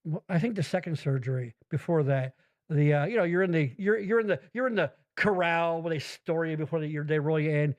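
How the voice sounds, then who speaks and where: A man with a high voice hosts a casual podcast chat. He rambles, swears freely and acts out other people's lines with bouncy put-on voices. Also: brisk. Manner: rambling, profane, animated storytelling with put-on voices. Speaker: podcast host.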